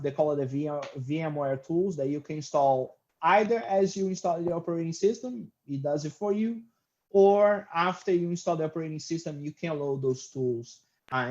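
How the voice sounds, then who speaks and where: A man teaching IT in a screen-recorded software tutorial, talking loosely with many hesitant fillers. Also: a little high, muffled recording. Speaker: IT instructor.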